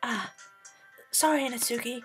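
A man doing a soft, shy schoolgirl bookworm. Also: extremely high pitch, unhurried, slightly rough, faint music behind, voice pushed up, full character voice. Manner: soft, hesitant, stammering. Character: timid, formal teenage girl bookworm. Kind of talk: voiced game playthrough.

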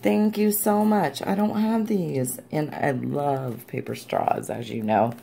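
Gravelly low-voiced woman gushing over mail. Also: slow pace, mellow, slight background noise. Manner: gushing and chatty, squeals and laughs often. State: tired. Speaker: crafting vlogger. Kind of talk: casual unboxing vlog.

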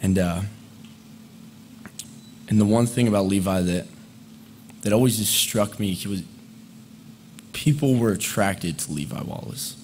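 Young man giving a halting eulogy. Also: fairly low pitch, a little hiss or hum. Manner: conversational, halting, with fillers and soft laughs. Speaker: eulogist, friend of the deceased. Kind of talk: memorial eulogy. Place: memorial service hall, indoors.

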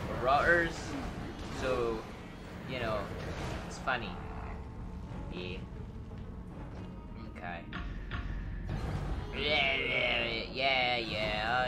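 A man voicing a chatty, grumpy male gnome bard who rambles in character with a shifting put-on accent while playing a video game. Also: a little high. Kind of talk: role-play commentary over a video game. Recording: clear background noise.

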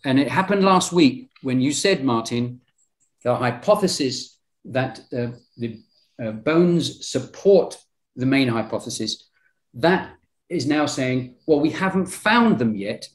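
A man's voice: medium pitch, animated, unhurried. A man with a British accent presenting in a Bible study discussion, insistent and argumentative with frequent restarts. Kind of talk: lecture-style group discussion.

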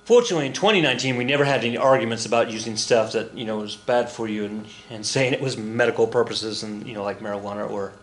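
A man's voice: fairly low pitch, quick pace, few pauses. A middle-aged man from Oklahoma, a history teacher giving a casual recorded lecture, chatty, with joking asides and many fillers and restarts.

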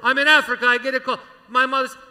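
A man's voice: very high-pitched, level tone, racing, sharp tone, in a large hall, exaggerated voice. A man playing a showy, sentimental Italian gondolier with a put-on Italian accent and broken English, chatting to a live audience on a school auditorium stage. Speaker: stage entertainer. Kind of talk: live comic stage patter.

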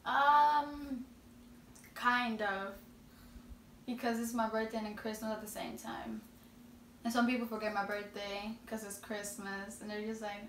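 An eighteen-year-old woman with a Spanish accent, chatting slowly and giggling through a casual Q&A. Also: on the high side, steady tone, a bit bright. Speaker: vlogger answering questions. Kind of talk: casual Q&A chat. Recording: roomy echo, distant mic, faint noise.

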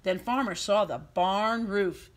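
A woman preschool teacher reading a storybook aloud to young children in an expressive, sing-song way. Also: mid-range voice, slow.

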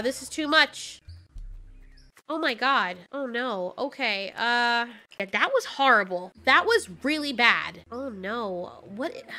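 An excitable woman narrating her game as she plays, gasping and cursing at every scare. Her voice sits high and sounds bright and sharp. Faint game music hums underneath. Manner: excitable, reactive, swears when startled. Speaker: gaming channel host. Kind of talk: let's play commentary.

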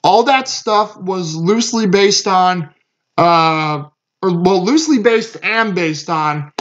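A man's voice: high-pitched, animated, slow pace, fairly bright tone. A man giving a casual movie review, rambling with lots of fillers and restarts. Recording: muffled lo-fi recording.

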